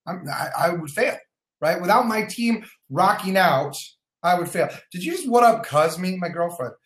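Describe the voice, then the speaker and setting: Talking at normal speed in a voice that sits high, with reverb around it, this sales team leader runs an upbeat motivational livestream on his phone. He keeps circling back to repeat his points, curses casually, and greets individual viewers by name.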